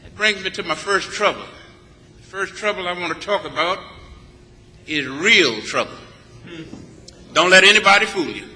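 High, bright-voiced preacher from Texas. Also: male voice, expressive, normal speed, pauses often, a little hiss or hum. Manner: rhythmic, emphatic, with repeated phrases. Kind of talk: sermon. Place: church sanctuary. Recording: long reverb of a large church. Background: congregation answering back.

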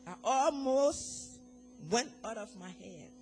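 A middle-aged woman from Africa with an African accent, giving an emotional church testimony that swings from quiet talk to shouted praise. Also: a little high, lively intonation, slow pace, soft background music.

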